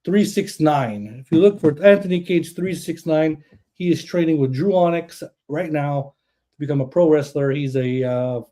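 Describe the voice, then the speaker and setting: A man hosting a podcast in an excitable, boastful way, swearing freely. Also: on the high side, normal speed. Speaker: podcast host. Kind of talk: hyped casual chat.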